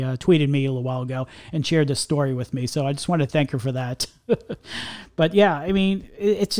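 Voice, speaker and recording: A man's voice: on the high side, a little mellow. A middle-aged man co-hosting a podcast, ranting casually and rambling with lots of restarts. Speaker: podcast co-host.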